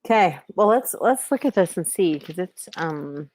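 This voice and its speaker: A woman's voice: fairly low pitch, animated, moderate pace, darkish tone. A middle-aged woman hosting a livestream, chatting casually with viewers and giving intuitive readings, rambling with many fillers and restarts.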